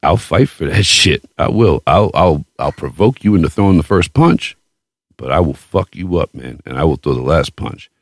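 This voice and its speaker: A very deep-voiced man spins a boastful, foul-mouthed story on a podcast, swinging his pitch widely as he acts out his own outbursts. The sound is dry and close, with no room echo. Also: normal speed. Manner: profane, boastful and animated, with quoted outbursts. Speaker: podcast host. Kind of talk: casual storytelling chat.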